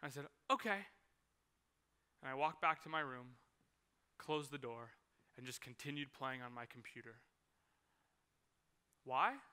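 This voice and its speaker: A man's voice: medium pitch, a little slow, pauses often, smooth. A man in his thirties preaching a sermon, telling a personal story and acting out its scenes. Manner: animated storytelling, acts out scenes. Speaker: pastor.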